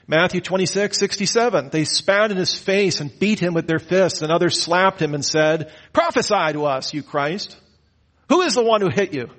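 A man teaching a Bible lecture, with a lively, questioning delivery and mock-incredulous asides. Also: on the high side. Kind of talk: lecture on the Gospels.

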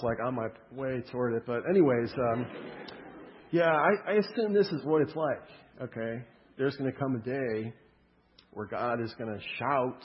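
A man preaching a sermon, talking in a relaxed, chatty way and slipping in humorous stories. His voice carries a long echo from a big hall. The sound is a little muffled and dull. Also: mid-range voice, a little hiss or hum. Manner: conversational, humorous storytelling. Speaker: pastor.

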